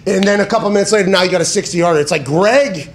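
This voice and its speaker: Guy hosting a sports show, kinda high voice, swears a lot, rambles and fixes himself mid-sentence. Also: fast talker, slight background noise. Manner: profane, animated, emphatic; tangents and self-corrections. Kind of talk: casual sports talk.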